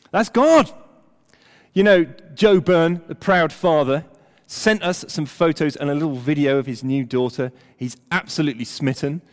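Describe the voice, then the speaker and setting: An older man preaching a sermon, emphatic, at times dropping almost to a hush. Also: fairly high pitch. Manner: animated, emphatic preaching with dramatic drops to near-whisper. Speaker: pastor. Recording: long hall reverb.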